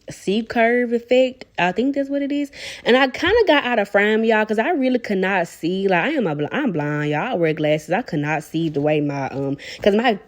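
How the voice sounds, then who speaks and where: A young woman with a Southern country accent from Arkansas, chatting fast and slangy to viewers as she does her own nails. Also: on the low side, a little mellow. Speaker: nail vlogger. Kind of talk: casual voice-over tutorial chat.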